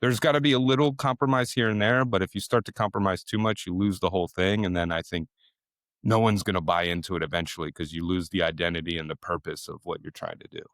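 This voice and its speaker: Laid-back man with a low voice. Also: quick pace, no room sound, clean studio sound. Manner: relaxed, chatty, quotes people in animated voices. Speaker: chef and restaurant owner. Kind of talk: casual interview talk.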